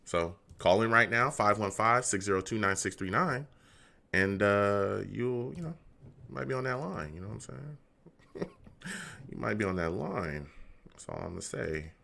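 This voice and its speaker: Man, low voice, slow delivery, lively swings in pitch, casual call-in host, exasperated, laughs a lot. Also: vocal fry. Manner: laughs often, exasperated, repeats phrases. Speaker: host of a call-in fan radio show. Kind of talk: casual livestream chat.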